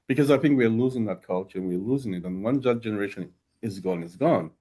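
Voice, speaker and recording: A man's voice: fairly low pitch, quick pace, warm tone. A man from Dominica, a guest in a conversational interview, speaking reflectively with many restarts.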